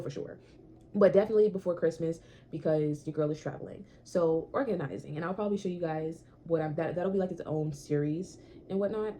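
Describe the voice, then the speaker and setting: A woman's voice: low-pitched, mellow. Chatty young woman vlogging at home. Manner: chatty, repetitive, swears casually. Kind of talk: casual chat to camera. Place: small apartment indoors.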